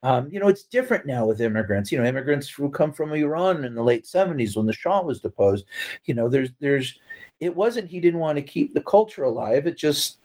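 A man's voice: on the high side, expressive, brisk, darkish tone, rough recording. A middle-aged man telling family stories in casual conversation, rambling with lots of fillers and restarts and laughing at his own anecdotes. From California. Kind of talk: casual storytelling.

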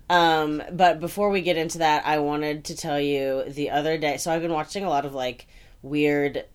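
Low-voiced woman rambling in casual chat. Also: fairly even intonation, moderate pace, smooth. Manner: rambling with many "like" fillers, laughs often. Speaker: podcast co-host.

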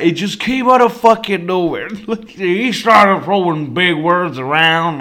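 Animated, foul-mouthed young man rambling. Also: a little high, slow. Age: young adult. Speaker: podcast host. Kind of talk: casual storytelling monologue.

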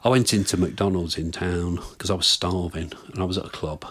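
A man's voice: sits low, steady tone, fairly quick, a bit bright. A man, a podcast guest telling bawdy anecdotes in casual chat and acting out the voices in them. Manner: bawdy storyteller, laughing, acts out voices.

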